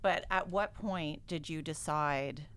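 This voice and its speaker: A woman's voice: low voice, takes it slowly, fairly bright tone, clean tone. A woman hosting a podcast, asking interview questions and answering with short, sympathetic affirmations. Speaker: podcast host.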